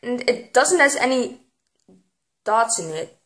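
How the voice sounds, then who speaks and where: A teenage girl, filming a casual vlog and getting excitable, squealing when something pleases her. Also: on the high side, measured pace, background noise. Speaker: vlogger. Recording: echoey room.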